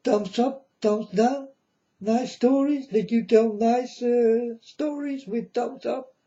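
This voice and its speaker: Slow, dark-voiced preaching man, lo-fi. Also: very high-pitched. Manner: slow, repetitive, preachy, addresses viewers as folks. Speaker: self-styled prophet. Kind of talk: rambling religious monologue to viewers. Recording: dull lo-fi sound.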